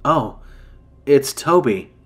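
A man's voice: medium pitch, expressive, slow, husky. A man voicing an earnest, puzzled young man in a campfire story, asking plain questions.

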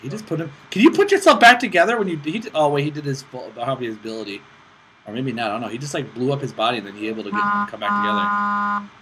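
An excitable young man rattles off joking, self-mocking gameplay commentary, swearing often. His voice sits at an ordinary middle pitch. A steady hiss of background noise and mouse clicks runs under the recording. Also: fast. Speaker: gaming channel host. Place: indoors, playing on a laptop with friends in the room.

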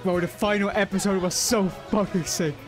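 A young man swearing freely as he reacts casually to an anime opening and ending, loud and excited at times, hushed and quiet when moved. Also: high voice, moderate pace. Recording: faint music playing behind. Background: anime music playing.

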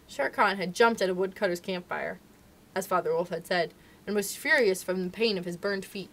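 A woman's voice: medium pitch, normal speed, fairly bright tone, rough recording. A woman at a library reading a classic animal story aloud, narrating evenly between the voiced quotes.

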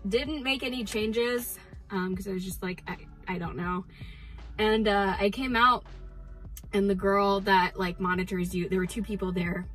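An excitable young woman talking straight to her viewers in a casual vlog. Her voice sits at an ordinary middle pitch, and she stumbles over restarts and fillers as she rushes to tell her story. Faint music plays underneath. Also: poor audio. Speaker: teacher vlogger.

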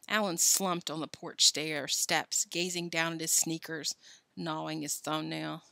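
A woman reading a children's novel aloud in an animated, expressive way. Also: low-pitched, a little slow, vocal fry, no room sound. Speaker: reader.

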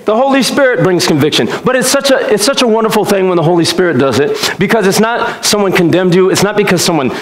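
Male pastor, sermon; animated storyteller, pitch swings widely, roomy church sound. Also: fast talker, hardly any pauses. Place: church sanctuary. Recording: echoey church room.

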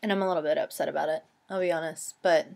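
This East Coast American vlogger in her twenties talks rapid-fire at home to her camera in a low, gravelly, slightly mellow voice with a steady tone. Her casual chat rambles, thick with "like" and "um".

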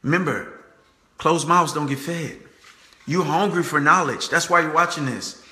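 A man's voice: a little high, moderate pace, pushed and bright. A young man giving a fervent, preachy motivational talk to camera, repeating his points and calling his viewers "guys.". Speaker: motivational speaker. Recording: echoey room.

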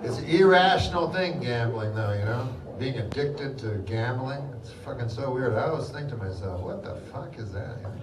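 A middle-aged man doing live stand-up with a deadpan, rambling delivery and mumbled fillers, heard in a large hall with a live audience. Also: mid-range voice, normal speed, hardly any pauses, recorded from a distance, noisy background. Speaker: stand-up comedian. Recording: roomy live hall, loud crowd laughter.

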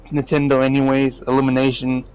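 A man's voice: medium pitch, quick pace, smooth, highs cut off. Rambling, swearing young-sounding male host. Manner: rambling, swears freely, animated opinions. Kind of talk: casual movie review chat.

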